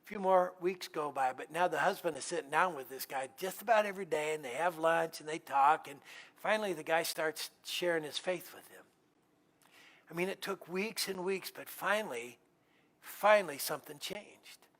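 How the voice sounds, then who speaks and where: A man's voice: fairly high pitch, normal speed, fairly bright tone. A middle-aged man preaching as a guest pastor in a church, telling humorous, conversational stories. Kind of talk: storytelling sermon.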